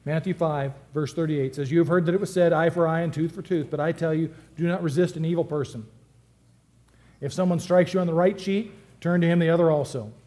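A man's voice: a little high, brisk. A man preaching a sermon in a conversational, joking way, rising and dropping his voice for effect. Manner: humorous, conversational, lively swings in loudness. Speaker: pastor.

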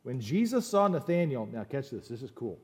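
A man preaching a sermon, conversational and animated, with opinionated asides while reading scripture aloud. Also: mid-range voice, fairly quick. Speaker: pastor.

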